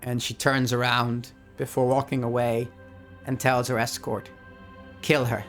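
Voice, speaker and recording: A man narrating his solo tabletop role-playing game and reading out rules, who gets excited by dice rolls. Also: medium pitch, moderate pace, faint music behind. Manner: excitable, laughs at dice results.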